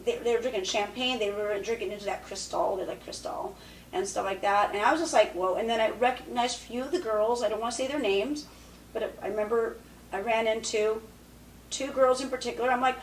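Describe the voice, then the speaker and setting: Chatty woman guest, slightly higher voice, roomy echo, off-mic. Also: brisk, recorded from a distance, slight background noise. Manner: chatty, acts out quotes. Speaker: podcast guest. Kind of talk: casual storytelling.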